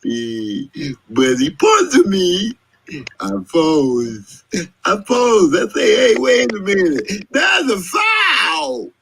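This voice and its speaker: An actor playing a goofy, giggling young male college basketball player, drawling slowly and laughing between phrases. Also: high voice, big pitch swings, fairly bright tone, husky, heavily acted, poor audio. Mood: excited. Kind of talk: TV drama scene.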